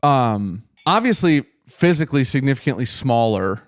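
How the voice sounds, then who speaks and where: A man's voice: medium pitch, normal speed, no room sound. A man co-hosting a podcast, telling stories in casual chat, swearing freely and acting out what others said. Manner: animated storytelling, acts out quotes, swears freely. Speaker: podcast co-host.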